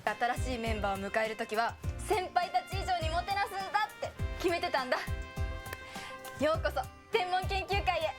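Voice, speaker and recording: A bubbly young club senior from an anime series, friendly and upbeat as she welcomes newcomers. Her high voice bounces up and down. She rattles off her lines at a rapid clip over the show's music. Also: expressive. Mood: cheerful.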